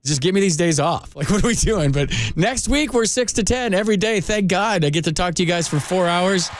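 A man hosting a sports radio call-in show, talking loosely and chattily with quick restarts, on a studio microphone. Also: high-pitched, expressive, slight background noise. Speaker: radio sports talk host. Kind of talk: casual radio chat.

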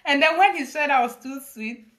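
A Ghanaian woman speaks in a high, bright voice on a live stream. She talks in a dramatic, preachy confessional style, switching between English and Twi. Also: normal speed. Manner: preachy, dramatic, laughing storytelling mixed with Twi. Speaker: livestreamer confessing. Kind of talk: Facebook live confessional monologue.

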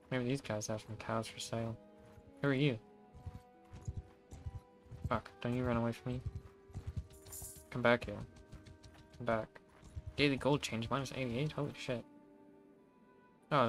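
A man giving casual, profane, wry commentary to himself while streaming a video game. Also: mid-range voice.

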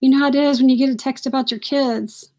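Woman, high voice, casual live-stream chat, excitable, keeps apologizing. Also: fast. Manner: chatty, apologetic and easily distracted; enthusiastic, gushing over items. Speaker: reseller hosting a live stream.

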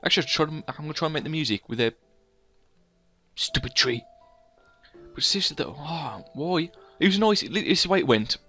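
A man doing excitable game commentary, humming sound effects and theme music as he plays. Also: on the high side, fast talker, hardly any pauses. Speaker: let's play gamer.

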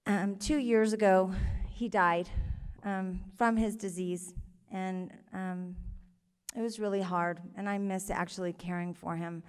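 A woman's voice: medium pitch, fairly even intonation, smooth, long reverb tail. Woman telling a story on stage. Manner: earnest, halting, emotional. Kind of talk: live personal storytelling. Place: theater stage before an audience.

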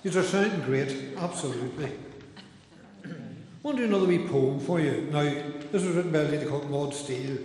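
A man's voice: fairly high pitch, a little mellow. A man with a Northern Irish accent hosting a carol sing-along, telling jokes and stories in a chatty way and laughing along. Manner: chatty storyteller, quick to laugh. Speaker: carol service host. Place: church hall. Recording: very echoey hall, faint music.

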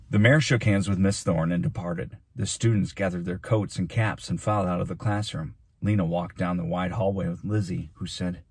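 A male teacher reading a chapter of a children's novel aloud in an even, steady storytelling manner. His voice is very low and husky, recorded dry and close. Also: normal speed, hardly any pauses, no echo.

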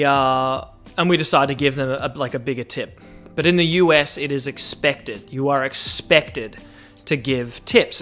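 A young Australian man hosting a casual solo podcast, talking in an animated, joking way and drawing out words when he lists things. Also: on the high side. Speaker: podcast host.

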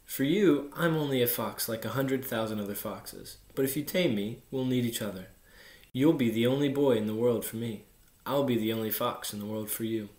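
A man voicing a gentle, patient male fox in a storybook reading, lifting his voice for the part. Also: medium pitch, normal speed, natural voice. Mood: earnest. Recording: echoey room.

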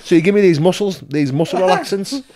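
Young northern english lad, talks fast, laughing through his story, lots of swearing. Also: high voice, very noisy. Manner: swearing, laughing, repeating words, animated retelling. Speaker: guest. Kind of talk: casual storytelling.

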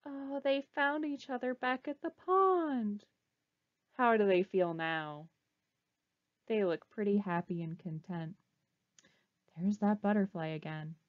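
Lively woman reading a storybook to kids. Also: medium pitch, slow, long pauses, no room sound. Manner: animated, asks children questions. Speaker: children's librarian. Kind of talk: reading a picture book aloud. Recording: dull, slightly muffled recording.

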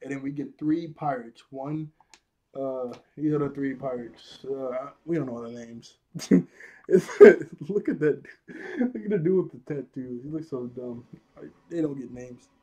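Amused young man recapping anime, mellow. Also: medium pitch, a little slow, lo-fi sound. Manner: laughs often, acts out scenes in character voices. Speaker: anime episode reviewer. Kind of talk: casual recap commentary.

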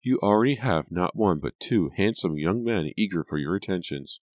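A man's voice: sits low, expressive, normal speed, a little mellow, no echo, studio quality, pitched above the performer's own voice. Liza, a gushing young belle, as a man puts her on. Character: gushing naive teenage Southern belle.

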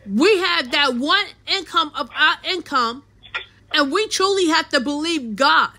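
A woman's voice: high-pitched, bright, forceful tone, rough recording. A middle-aged woman co-hosting a casual faith podcast, talking emphatically and repeating her points like a preacher. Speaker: podcast co-host.

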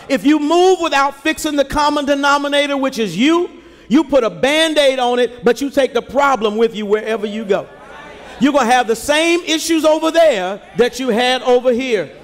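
A man preaching in a very high voice, his words ringing with the long reverb of a large church sanctuary. He swells into shouts and keeps calling on the listeners to respond, the sound of a live sermon recording. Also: expressive, brisk. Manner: preaching with rising shouts and call-and-response to the congregation. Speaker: pastor.

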